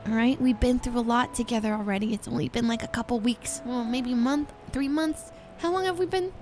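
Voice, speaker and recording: A woman's voice: on the high side, a little fast, a little mellow, soft background music. A woman streamer talking in character during a roleplay game, playful and teasing, laughing often.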